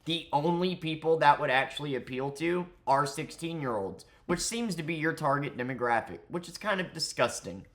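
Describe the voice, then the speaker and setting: A man's voice: on the high side, lively intonation, normal speed, few pauses, fairly bright tone. A man ranting angrily in a commentary vlog, profane and mocking. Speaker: commentary vlogger.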